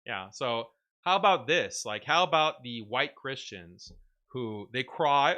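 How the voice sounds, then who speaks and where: A man's voice: mid-range voice, animated, takes it slowly, pushed and bright. A man hosting a show, giving combative, mocking commentary and laughing at his own points. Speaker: show host. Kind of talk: argumentative commentary.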